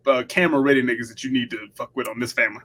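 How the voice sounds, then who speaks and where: A man's voice: medium pitch, fairly even intonation, rapid-fire, a bit bright, a little hiss or hum. A young man co-hosting a podcast, telling funny stories in loose, swearing chat. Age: young adult. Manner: storytelling, laughing, casual swearing. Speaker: podcast co-host. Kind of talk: casual comedic chat.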